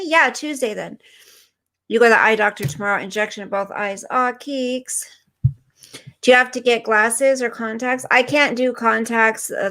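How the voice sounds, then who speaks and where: A woman with a bright voice on the high side hosts a casual livestream, reading viewer comments and answering chatters by name. She's chatty but sounds unwell and tired.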